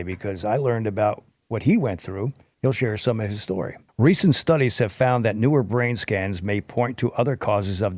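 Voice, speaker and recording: A man's voice: fairly low pitch, a little mellow, no echo, clean studio sound. A man hosting a podcast, reading health information from notes and adding informal asides, sometimes stumbling over hard terms. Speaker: podcast host.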